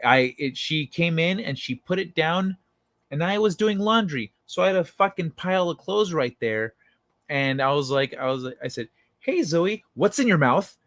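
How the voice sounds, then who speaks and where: A man's voice: fairly high pitch, animated, normal speed, a bit bright, no room sound. A man hosting a casual late-night livestream, reading chat messages aloud and answering them in a loose, profane way. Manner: loose and profane, swears freely. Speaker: livestream host.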